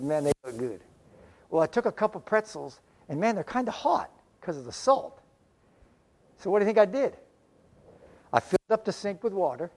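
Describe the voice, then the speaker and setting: An older man preaching a sermon in a folksy, conversational way, mixing scripture with homespun stories. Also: high voice. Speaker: pastor.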